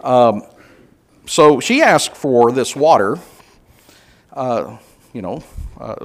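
A man teaching a conversational Bible class, relaxed and hesitant with many filler sounds, putting questions to the group. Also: medium pitch, takes it slowly, pauses often. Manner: asks the group questions and reads scripture aloud.

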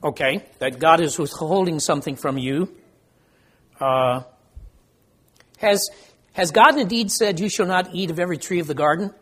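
Older man, husky voice, informal Bible study leader, asks the group questions, self-deprecating. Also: fairly high pitch, moderate pace, pauses often, fairly bright tone.

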